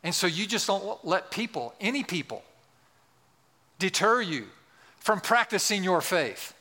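This is a man in his sixties, a pastor, with a high, very animated voice that is bright and forceful yet unhurried. He delivers an emphatic sermon in a large church, repeating key phrases and asking the congregation questions, and the recording has the long reverb of a large hall.

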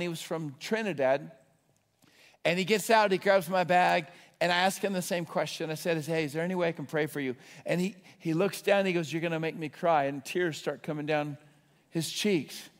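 A man preaching a sermon, telling stories with quick restarts and swelling to excited shouts at the high points. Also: big-room sound.

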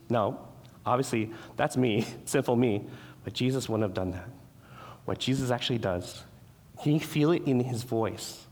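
A man's voice: medium pitch, expressive, moderate pace. A man preaching a sermon as pastor, earnest, restarting his words and acting out the quoted voices. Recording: long hall reverb.

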